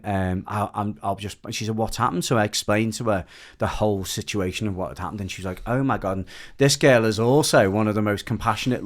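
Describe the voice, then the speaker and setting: British male guest, low voice, casual rambling storyteller, emotional retelling. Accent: British English. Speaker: podcast guest.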